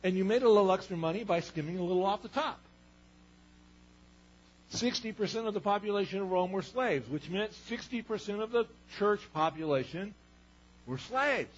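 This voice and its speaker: A man's voice: sits high, lively intonation, normal speed, lo-fi sound. A man preaching a sermon as pastor, conversational, asking the congregation rhetorical questions.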